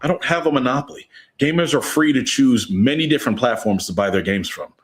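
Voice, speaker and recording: A man's voice: medium pitch, a little fast, natural voice. A man playing a cocky boastful store company. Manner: brash, cocky, trash-talking. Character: boastful personified game store company, male. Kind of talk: comedy skit.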